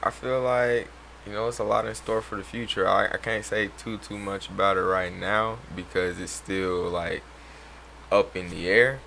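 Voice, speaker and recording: A young man in his twenties chats with his hosts, talking loose and slangy and breaking into laughs. His voice sits low but rings bright. Faint room noise runs under it. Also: steady tone, moderate pace, creaky. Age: 20s. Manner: laid-back, laughs often, slangy. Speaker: guest rapper. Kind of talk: casual podcast chat.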